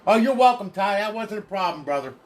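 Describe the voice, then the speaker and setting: A man's voice: high-pitched, animated, quick pace. A man casually walking through modded game consoles on a livestream, chatty and folksy, thanking each buyer by name.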